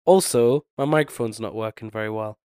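A young man with a blocked, nasally voice, worn down by a cold and a sleepless night. He rambles through a casual podcast chat and loses his thread at times. His voice is smooth and clear, recorded close and dry with no room sound. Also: lowish voice, a little fast, darkish tone, dry recording. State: sick with a bad cold, sleepless. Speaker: podcast co-host.

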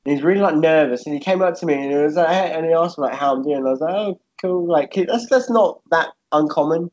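A man's voice: fairly high pitch, fast talker, darkish tone, muffled recording. A young man telling a rambling story on a podcast, swearing and laughing often as he talks. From Britain. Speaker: podcast co-host.

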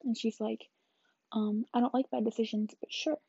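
A woman's voice: a little high, steady tone, moderate pace, creaky, mellow, husky, no room sound, muffled recording. An eighteen-year-old woman chatting through a rambling vlog story, often dropping into whispered asides. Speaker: vlogger.

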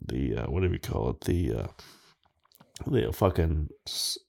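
A man's voice: extremely low pitch, big pitch swings, unhurried, gravelly, a little mellow. A man hosting a podcast, chatting casually on a close studio mic, rambling and swearing a lot. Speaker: podcast host. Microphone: close studio microphone.

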